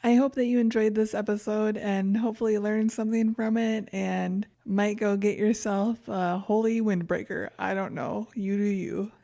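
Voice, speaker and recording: A woman co-hosting a casual podcast, joking around and reading out the show's plugs in a relaxed way. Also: medium pitch, moderate pace, vocal fry, hardly any pauses. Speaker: podcast co-host. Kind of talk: casual podcast chat and outro.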